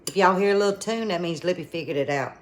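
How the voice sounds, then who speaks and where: A woman's voice: lowish voice, fast talker. A woman hosting a casual cooking vlog from her kitchen, folksy and full of exclamations. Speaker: cooking channel host.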